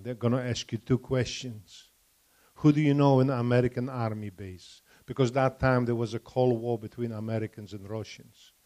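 An older man speaks with a Polish accent, his English broken, as he gives a testimony to a church audience. He puts questions straight to his listeners now and then. His pitch sits in the middle for a man. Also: warm tone. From Poland.

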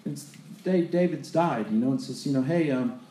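Man, sermon, dark mellow voice, conversational storytelling, echoey room. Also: medium pitch, lively intonation, brisk, slight background noise. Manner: loose, conversational storytelling with restarts and acted-out quotes. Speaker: preacher. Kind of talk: sermon retelling Bible stories.

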